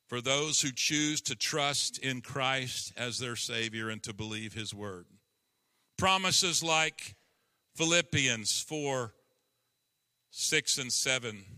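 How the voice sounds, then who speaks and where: A middle-aged male pastor preaching a sermon, slow and emphatic, climbing to impassioned peaks. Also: mid-range voice, sharp tone. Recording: long hall reverb.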